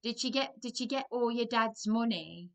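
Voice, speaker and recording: A woman's voice: a little high, moderate pace, a bit bright, pitched above the performer's own voice. A woman voicing a nosy northern English woman who bluntly pries with questions, in a put-on northern accent. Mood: prying.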